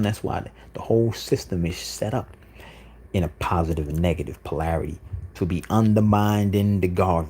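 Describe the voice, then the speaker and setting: A man's voice: deep voice, warm tone, breathy edge. A man hosting a livestream, delivering an insistent, repetitive monologue with frequent "you know what I'm saying.". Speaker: livestream host.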